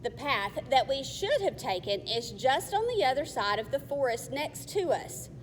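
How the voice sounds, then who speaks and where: A woman's voice: sits high, big pitch swings, moderate pace. Woman doing a bossy young girl. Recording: faint long reverb, faint hiss.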